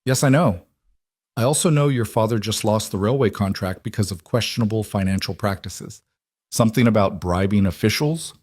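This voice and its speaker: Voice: mid-range voice, normal speed, a little mellow, dry recording, close to an everyday voice. A man voicing a cool, composed senator with a cold manner.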